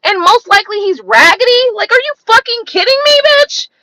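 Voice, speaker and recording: A woman's voice: very high voice, animated, a little fast, bright, forceful tone, a little hiss or hum, low-quality recording. A woman hosting her own channel, ranting in a blunt, profane, exasperated way full of rhetorical questions. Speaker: tarot reader and channel host. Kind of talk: unscripted livestream rant.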